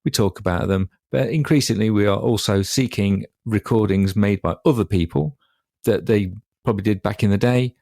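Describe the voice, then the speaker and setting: Deep, dry-witted man in his fifties. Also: normal speed, vocal fry, darkish tone, no room sound. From Derby, England. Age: 50s. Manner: dry, wry and precise. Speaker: podcast co-host. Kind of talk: casual chat.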